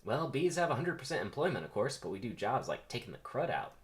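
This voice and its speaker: A man's voice: medium pitch, big pitch swings, quick pace, close to an everyday voice. A man voicing a cheeky little bee. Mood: teasing. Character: small earnest male bee, chatty and cheeky. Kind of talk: comedic script reading.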